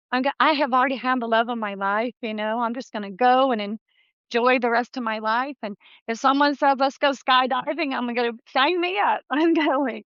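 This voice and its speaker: A woman's voice: on the high side, smooth, no echo, highs cut off. A woman in her sixties, a dentist guest telling her story in a chatty, laughing way. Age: 60s. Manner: warm, chatty, laughs often, acts out quoted voices. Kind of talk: casual interview chat.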